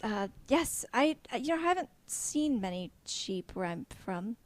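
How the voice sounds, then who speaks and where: A woman's voice: a little high, sing-song, moderate pace. A woman voicing her character in a tabletop game, polite and eager with stammered restarts. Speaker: player. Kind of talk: tabletop role-play.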